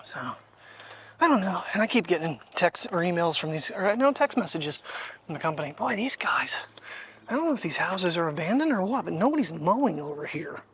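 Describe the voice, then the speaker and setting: A man's voice: high-pitched, sing-song, brisk, fairly bright tone, slight background noise. A man chatting casually to the camera while out on a walk, rambling and thinking aloud with lots of fillers. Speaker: daily vlogger. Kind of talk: casual vlog chat. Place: outdoors on a walk. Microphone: wireless clip-on mic.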